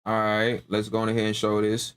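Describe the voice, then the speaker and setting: Over a noisy background, a young man speaks in a lowish, monotone voice a little fast, ranting emphatically on a live stream. He's slangy and casual, goes over his points again and again, and keeps asking "you know what I'm saying."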